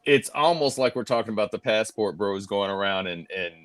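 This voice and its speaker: Hesitant low-voiced man in chat. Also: lively intonation, a little fast, no echo. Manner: hesitant, restarts often. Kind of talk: casual panel chat.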